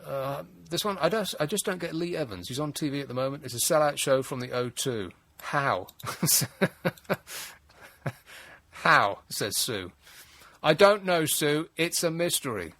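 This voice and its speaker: Male phone-in host, a little high-pitched, dry and exasperated, talks in rambling asides. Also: animated, a little slow, a bit bright, dry recording. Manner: wry, exasperated, rambling with restarts. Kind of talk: late-night radio phone-in chat. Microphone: studio mic.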